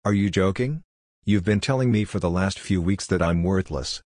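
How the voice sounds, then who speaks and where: A man's voice: deep voice, normal speed, a little mellow, no echo, clean studio sound. A man voicing a flustered, defensive young male kitchen dishwasher in a story reading.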